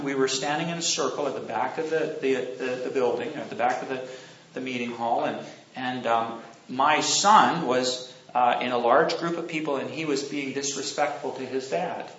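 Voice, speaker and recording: A man's voice: mid-range voice, unhurried, fairly bright tone. A man preaching a sermon, rambling and correcting himself as he tells stories and asks the congregation questions. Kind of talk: sermon with anecdotes. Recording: roomy, dull lo-fi recording.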